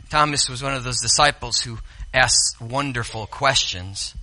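A man preaching a sermon as pastor in a church sanctuary, dropping to soft asides and rising to loud, drawn-out quotes. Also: mid-range voice, creaky.

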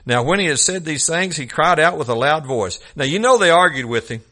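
A man's voice: fairly high pitch, lively intonation, brisk, pushed and bright. A man preaching a sermon in a folksy storytelling manner, acting out scripture scenes.

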